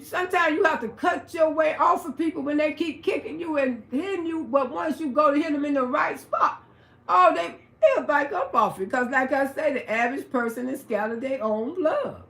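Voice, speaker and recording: Livestream host, female, high bright voice, swears freely while she tells a story, echoey room. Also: normal speed, vocal fry. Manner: profane, animated, emphatic retelling. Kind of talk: casual storytelling to a live audience.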